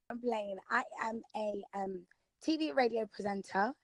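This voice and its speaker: A woman's voice: fairly high pitch, slow pace, no echo. Young London woman, upbeat guest, a touch worn-out, dry close recording. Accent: London English. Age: young adult. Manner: bubbly, laughs often, upbeat self-introduction. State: a little tired voice. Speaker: podcast guest. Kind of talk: casual interview chat.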